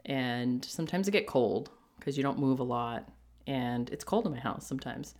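Low-voiced woman telling a lively story. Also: moderate pace. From New England. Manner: animated, jumps into quoted voices, laughs often. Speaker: podcast host. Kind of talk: casual personal storytelling.

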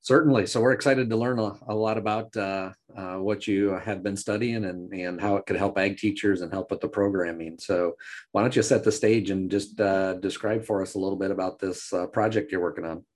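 A man co-hosting a podcast, asking a guest a question with halting repeats and uhs. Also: low voice, steady tone, a little mellow. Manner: hesitant, repeats words. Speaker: podcast co-host. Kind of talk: interview questions.

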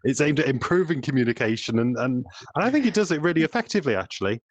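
Man, mid-pitched, dry close mic, steady explanatory guest. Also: no room sound. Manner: measured, explanatory, frequent restarts. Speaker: guest developer. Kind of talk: casual podcast chat.

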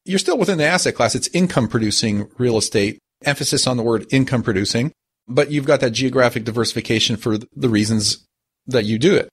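A man's voice: mid-range voice, slightly rough. A man hosting a podcast, conversational, steering the discussion. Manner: fast, conversational, steering the talk. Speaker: podcast host. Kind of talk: casual podcast chat.

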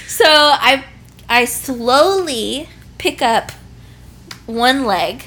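A young pregnant woman tells a story in a relaxed chat, her voice high and lively, rising and falling widely. She keeps breaking into laughter and swears casually. Her delivery is unhurried and bright. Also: a little hiss or hum.

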